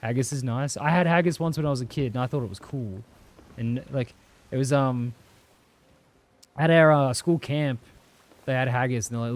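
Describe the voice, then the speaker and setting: Swearing young Australian streamer. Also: male voice, mid-range voice, normal speed, long pauses. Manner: rambling, swears freely, answers chat. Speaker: livestreamer. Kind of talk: casual chat while gaming.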